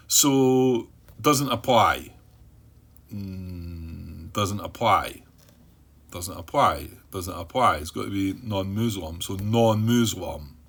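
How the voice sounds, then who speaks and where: A man's voice: on the low side, a bit bright, breathy edge. Hesitant man thinking aloud over rules. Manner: hesitant, questions himself, repeats words; talks himself down by name. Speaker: solo board game player. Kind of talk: thinking-aloud playthrough commentary.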